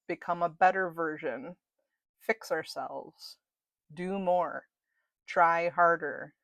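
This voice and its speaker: A woman hosting a wellness podcast, speaking in a gentle, reflective scripted monologue full of questions to the listener. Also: on the low side, dry recording. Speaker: podcast host and wellness mentor.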